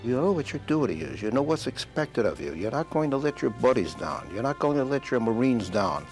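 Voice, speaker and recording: An older former navy corpsman speaks earnestly and reflectively in an interview. His middle-pitched voice has a gravelly edge, and faint music plays under him. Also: big pitch swings, a little fast, a little mellow. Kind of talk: recounting memories in an interview.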